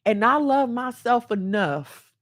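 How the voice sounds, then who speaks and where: A woman's voice: fairly high pitch, expressive, slow. A woman in her thirties hosting a podcast, talking candidly and with emotion to her listeners about family and self-love. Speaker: podcast host. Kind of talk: personal talk to listeners.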